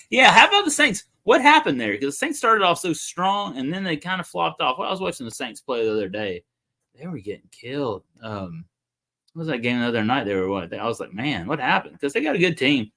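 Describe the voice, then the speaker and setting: A man's voice: medium pitch, fairly bright tone. A young man, hosting a casual livestream and rambling to viewers. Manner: rambling, chatty, talks to viewers. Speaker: livestream host.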